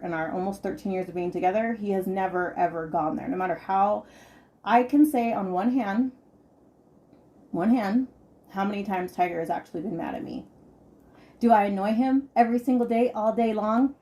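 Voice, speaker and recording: A woman in her thirties talks candidly and personally, as on a podcast. She stresses her points by repeating words and swearing casually. Her pitch sits in the middle range for a woman. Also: fairly quick, warm tone. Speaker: podcast host.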